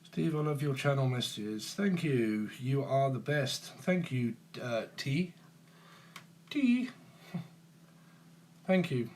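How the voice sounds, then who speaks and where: A man's voice: medium pitch, animated, unhurried, a little mellow, slight background noise. Joking man chatting on a live stream. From England. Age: 40s. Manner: teasing, jokey, chuckles often. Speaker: tarot channel host. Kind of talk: casual live-stream chat with viewers. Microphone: phone.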